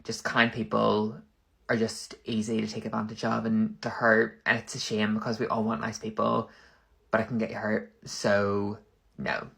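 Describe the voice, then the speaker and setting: Rambling man, flat delivery. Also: on the low side, moderate pace, creaky. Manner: rambling, full of "like" and backtracking. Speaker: content creator. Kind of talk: casual comedic monologue.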